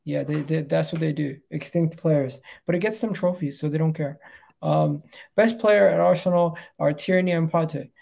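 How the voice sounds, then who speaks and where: A young man hosting a casual football chat, chatty and quick to laugh. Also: on the high side, fairly even intonation, creaky, mellow. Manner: chatty, laughs easily, breaks into impressions. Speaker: football channel host.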